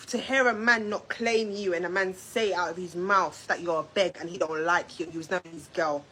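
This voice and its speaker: A young woman telling a story on a live stream, talking straight to her viewers in a confrontational, animated way. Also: lowish voice, moderate pace, breathy edge, low-quality recording. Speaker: YouTube storyteller. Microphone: phone or webcam on a live stream.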